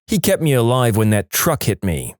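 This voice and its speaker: A cheerful, folksy man chats on the phone, as a male narrator voices him. His speech is homespun and polite, and his pitch rises and falls a lot. The sound is close and dry. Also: big pitch swings, normal speed, dry recording, natural voice. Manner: folksy, old-fashioned politeness.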